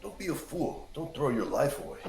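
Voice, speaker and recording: A man voicing a gruff male mercenary who talks in clipped, broken English. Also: mid-range voice, sing-song, brisk, darkish tone, reverberant, far from the mic, slight background noise. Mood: pleading.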